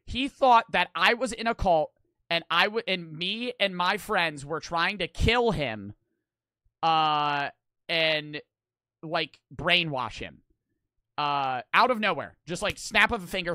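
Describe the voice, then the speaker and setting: A man's voice: high voice, pushed and bright, dry recording. A young man streaming, telling a story casually, rambling and swearing a lot.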